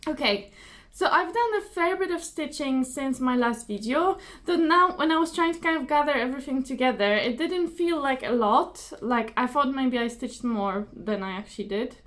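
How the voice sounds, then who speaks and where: A young woman hosting her own crafting video, chatting casually and apologetically to camera, slightly hoarse, with many fillers and repeated words. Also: high voice, lively intonation, moderate pace, a bit bright.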